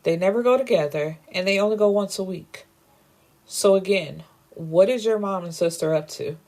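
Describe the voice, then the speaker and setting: A man's voice: high voice, moderate pace, darkish tone. A woman voicing a controlling rich man who interrogates bluntly and swears while recapping a story. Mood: cold. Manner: blunt, profane, accusing.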